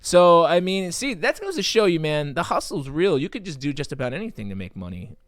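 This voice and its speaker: Rambling, animated male podcast co-host. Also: on the high side, a little fast, dry recording, studio quality. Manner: rambling, animated storyteller with many fillers. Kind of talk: casual podcast chat.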